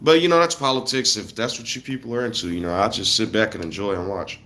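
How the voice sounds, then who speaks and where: A man's voice: fairly low pitch, fast, a bit bright. A man in his thirties from the United States, ranting casually to viewers in a loose, slangy, blunt way. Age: 30s.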